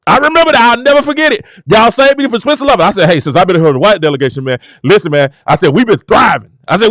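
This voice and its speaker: A high-pitched, fervent man preaching his message with huge swings of pitch, dropping to low murmurs and then bursting into shouts. His voice is recorded close and dry, with no room sound. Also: expressive, quick pace, no room sound. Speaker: show host. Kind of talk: preaching-style motivational talk.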